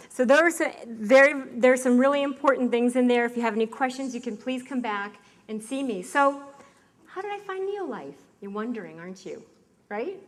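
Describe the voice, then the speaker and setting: Chatty, quick-laughing woman storyteller. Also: a little high. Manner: lively, chatty, quick to laugh, asks the audience questions. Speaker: speaker giving a testimonial. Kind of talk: personal storytelling to an audience.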